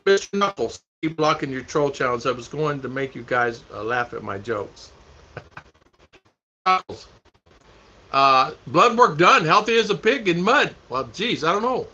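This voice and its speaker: A man's voice: fairly high pitch, lively intonation, normal speed, pushed and bright, breathy edge. A man hosting a casual livestream, chatting with viewers and reading their comments, rambling and repeating himself with frequent laughter. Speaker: vlog host reading live chat. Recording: dull lo-fi stream audio.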